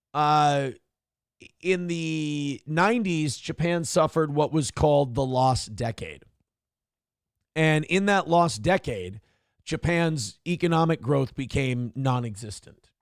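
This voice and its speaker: A male morning show host who reacts to the news with blunt, profane commentary. His voice sits a bit high for a man, and the sound is close and dry. He talks in an animated, offhand way. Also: slow, clear, resonant tone, dry recording. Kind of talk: casual political commentary.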